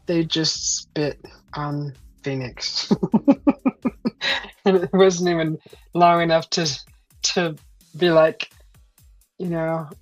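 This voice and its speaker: A middle-aged woman chats on her live stream, her voice still sickly from a sore throat. She speaks slowly in a lowish voice, rambling and laughing as she greets viewers. The sound is dry and a little dull, with faint music behind her. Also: dry recording. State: sick, throat still weak. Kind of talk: casual live stream chat. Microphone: computer microphone for live stream.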